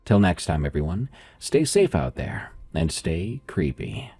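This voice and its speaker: A man with a nasal voice hosting and narrating horror stories in a calm, measured way. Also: low voice, soft background music. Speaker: horror story narrator and podcast host.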